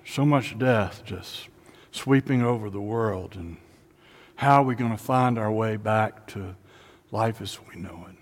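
A man's voice: lowish voice, a little slow. A man preaching a sermon, building up to rising, repeated call-and-response lines in a nearly empty sanctuary. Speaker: pastor. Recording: long hall reverb.

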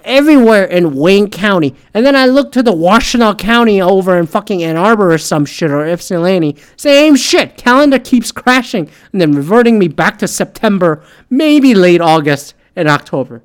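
A man hosting a podcast, rambling in a casual monologue and swearing a lot, jumping between loud outbursts and mumbled asides. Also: high-pitched, clear, resonant tone. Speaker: podcast host.

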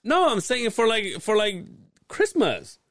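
A man's voice: sits high, a little slow, dry recording, clean studio sound. A man co-hosting a podcast, joking loosely and laughing as he tells stories in crude banter. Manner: expressive, laughs often, mimics voices. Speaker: podcast co-host.

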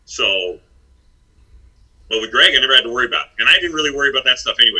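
A man's voice: mid-range voice, expressive, racing, long pauses, sharp tone, low-quality recording. A middle-aged man, a former basketball head coach, telling stories in a blunt, self-deprecating way. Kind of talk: casual chat.

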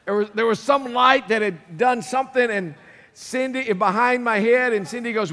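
A high-pitched male pastor delivers an animated sermon, his voice rising into loud emphasis and dropping to near-hushed phrases. The sound carries a long reverb, as from a large church sanctuary. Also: moderate pace. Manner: animated preaching, swinging between loud and hushed.

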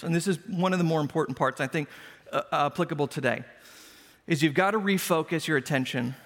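Speaking from the sanctuary, this male pastor has a somewhat high, slightly bright voice. His sermon is chatty and self-deprecating, built around ordinary anecdotes. A long hall reverb hangs on every line.

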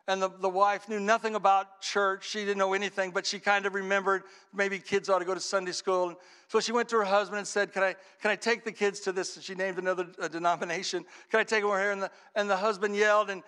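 A man preaching a sermon, telling a story dramatically, his voice swinging from hushed to shouting. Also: sits high, little pitch movement, fast, clear, resonant tone.

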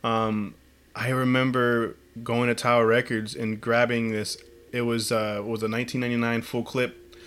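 A man's voice: mid-range voice, little pitch movement, normal speed, fairly bright tone, clear, resonant tone. A man hosting a casual podcast chat, telling rambling stories and swearing freely. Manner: rambling storytelling, frequent swearing.

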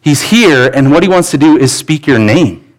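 A man's voice: a little high, expressive, normal speed, poor audio. A pastor preaching a sermon in a church, earnest and pleading, often restarting his words. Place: church sanctuary.

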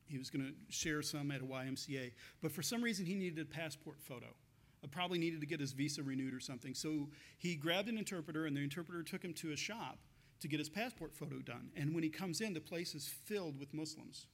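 A man's voice: fairly high pitch, fast talker, a bit bright. Chatty storytelling preacher, man. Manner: storytelling with frequent laughs and restarts. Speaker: pastor. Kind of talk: conversational sermon.

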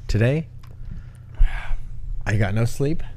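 A man's voice: mid-range voice, slow, a little hiss or hum. A man hosting a podcast, telling a story in casual chat, swearing freely. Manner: profane, animated storyteller. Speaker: podcast host. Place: room with a dryer running nearby.

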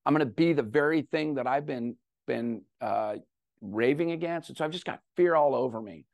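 A middle-aged man giving a talk to an audience, telling a personal story with animated, self-deprecating humor. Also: mid-range voice, normal speed, vocal fry, dry recording, dull audio. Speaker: guest speaker.

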